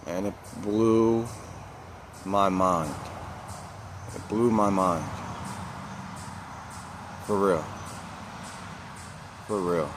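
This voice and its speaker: A man's voice: low-pitched, extremely slow, pauses often, background noise. A man vlogging a personal story in casual speech, repeating phrases for emphasis and using street slang.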